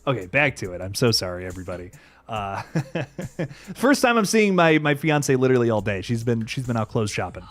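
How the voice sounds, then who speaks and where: A man's voice: mid-range voice, big pitch swings, normal speed. Casual swearing man streaming horror chat. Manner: laid-back, swears often, many restarts.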